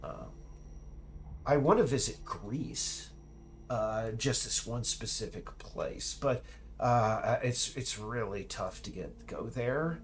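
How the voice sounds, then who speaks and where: Speaking slowly but with lively pitch, this American man rambles casually while working on his game stream, veering off on tangents and frequently stammering and restarting.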